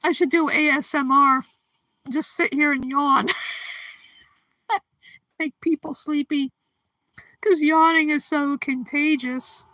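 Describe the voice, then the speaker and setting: A woman's voice: high voice, steady tone, takes it slowly, long pauses, sharp tone, dry recording. A woman hosting a livestream, chatting casually and greeting viewers by name, giggling often and sounding a bit drowsy. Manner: drowsy, yawning. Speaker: livestream host. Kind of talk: casual chat with live viewers.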